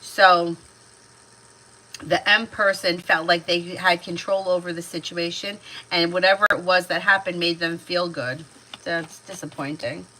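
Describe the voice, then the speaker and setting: A woman's voice: lowish voice, steady tone, a little slow, sharp tone, slight background noise, low-quality recording. A woman in her thirties giving chatty, casual tarot readings on a livestream, laughing often as she talks. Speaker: tarot reader.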